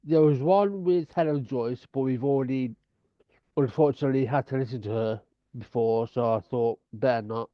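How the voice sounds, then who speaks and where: A man co-hosting a casual podcast, talking haltingly with many ums and restarts. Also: medium pitch, dry recording, muffled recording. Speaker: podcast co-host.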